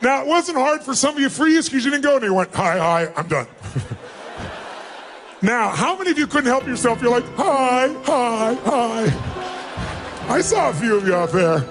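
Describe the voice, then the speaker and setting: A high-voiced man leads a live motivational seminar, firing energetic commands and questions at thousands of listeners. Faint music plays softly under his voice in the big hall. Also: a little fast. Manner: energetic, commanding, calls out to the crowd. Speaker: motivational speaker. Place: large event hall before thousands.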